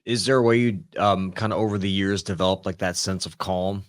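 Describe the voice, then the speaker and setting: Low-voiced man asking halting questions. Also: steady tone, no room sound, studio quality. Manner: halting, filler-heavy questioning. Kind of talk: casual interview talk.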